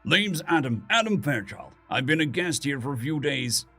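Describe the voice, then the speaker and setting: A man voicing a defiant dead atheist who stays calm and coldly confident, asking one probing question after another. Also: fairly high pitch, normal speed, slightly rough, faint music behind, heavily acted.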